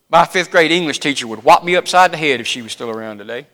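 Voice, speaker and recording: A man preaching a sermon, dropping to a hush and then rising to loud, emphatic appeals. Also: a little high, expressive, quick pace, hardly any pauses. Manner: preaching with wide swings from hushed to loud and emphatic.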